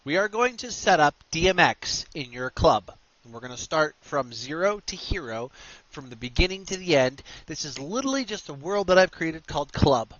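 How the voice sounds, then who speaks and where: A man hosting a screen-recorded software tutorial, walking through steps with energetic, punchy instructions. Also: fairly high pitch, moderate pace, dull audio. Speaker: tutorial host.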